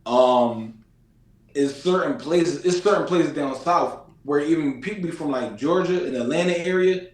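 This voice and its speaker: High-voiced Philadelphia man in an echoey room. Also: a little slow. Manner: slangy, emphatic, repeats his points. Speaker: podcast host. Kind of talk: casual chat.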